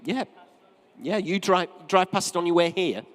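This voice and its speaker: A man with a North East English accent calls a live auction from the rostrum, his voice sitting a little high for a man. He rattles through bids in brisk, repetitive patter and drops in joking asides. The sound carries the long reverb of a big sale room. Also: animated, a bit bright. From North East England.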